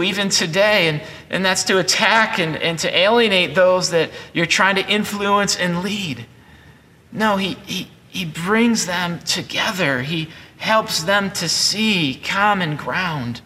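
A man's voice: high-pitched, measured pace, pushed and bright. A man in his forties preaching a sermon as pastor, earnest and conversational with frequent restarts. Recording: long hall reverb.

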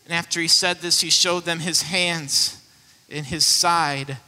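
Man, pastor, sermon, storytelling, high voice, very bright, reverberant hall. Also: steady tone, unhurried. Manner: storytelling, acts out the voices in the scripture.

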